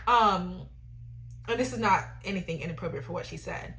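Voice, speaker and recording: A young adult woman hosting a podcast, giving emphatic faith-based advice in a lively, ranting way, often asking "you know what I'm saying.". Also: fairly low pitch, moderate pace. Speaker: podcast host.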